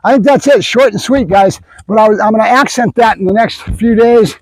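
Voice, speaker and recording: A man with a high-pitched voice talks through a dog training session in a casual, easygoing way. He keeps checking in with his viewers as he explains. The sound is dry and close, with almost no room echo. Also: a little fast, hardly any pauses. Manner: casual, talks to the viewers with frequent "right?" asides.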